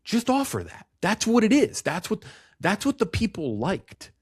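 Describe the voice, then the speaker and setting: A man's voice: high-pitched, huge pitch swings, normal speed, darkish tone, breathy edge. A man co-hosting a film podcast, rambling casually with restarts and blunt swearing. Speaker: podcast co-host.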